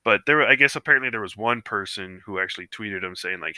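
A man with a very low voice and a strikingly bright, forceful tone, chatting loosely on a podcast. He rambles through stories with plenty of fillers and slips into the voices of the people he quotes. The sound is dry and close. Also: quick pace, no room sound. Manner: rambling storyteller with many fillers, acts out quotes. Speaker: podcast co-host. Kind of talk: casual chat. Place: living room couch.

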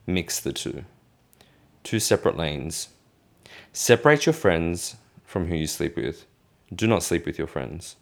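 A man's voice: low voice, gravelly. A man in his thirties venting in a casual vlog rant, indignant and swearing freely. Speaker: vlogger.

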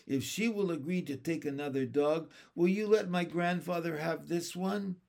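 A man's voice: a little high, moderate pace, vocal fry, darkish tone, pitched above the performer's own voice. A man reading aloud, voicing an earnest, sensible older brother in a storybook. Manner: polite, explaining.

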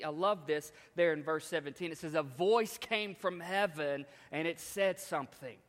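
A man's voice: on the high side, a bit bright. Emphatic male pastor preaching in a reverberant church. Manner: emphatic preaching with repetitions and call-outs. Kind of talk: sermon. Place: church sanctuary. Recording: long hall reverb.

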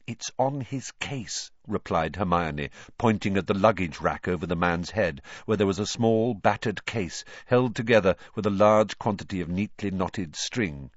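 A man reading a story aloud in an expressive, measured way. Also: sits low, dry recording, lo-fi sound. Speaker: audiobook narrator. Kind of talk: scripted storybook narration.

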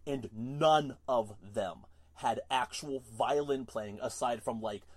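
A man's voice: medium pitch, slow pace, darkish tone. A man co-hosting a casual podcast, ranting in an exasperated, emphatic way. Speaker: podcast co-host.

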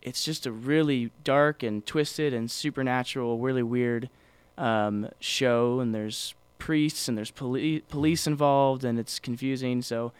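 A man's voice: medium pitch, measured pace, few pauses, clear, resonant tone, no echo. Rambling man chatting about TV shows. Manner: rambling, many fillers and restarts. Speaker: podcast co-host. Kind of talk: casual chat.

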